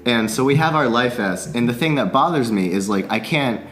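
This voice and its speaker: A man's voice: mid-range voice, animated, fairly quick, a bit bright, a little hiss or hum. A man telling a long story in a casual podcast chat, swearing freely and laughing often. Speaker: podcast guest, musician.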